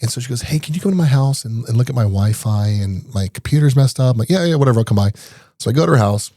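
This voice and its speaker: A middle-aged man races through his stories in a quick, eager patter, laughing as he goes. His voice sits at an ordinary pitch and sounds close and dry, with no room around it. He talks like a podcast guest recounting his work over casual chat. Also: dry recording. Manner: rapid, animated anecdotes broken up by laughter. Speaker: podcast guest, IT business owner. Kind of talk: casual storytelling in an interview.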